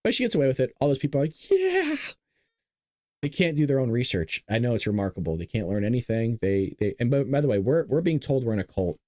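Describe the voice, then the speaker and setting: A man's voice: medium pitch, expressive, fast, hardly any pauses, mellow, no echo, clean studio sound. A man hosting a live-streamed political commentary show, ranting sarcastically and answering viewer chat. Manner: sarcastic, ranting, mocks opponents.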